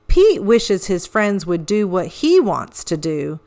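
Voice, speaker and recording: Animated woman reading a storybook. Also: fairly low pitch, takes it slowly. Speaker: children's book reader. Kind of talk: storybook read-aloud.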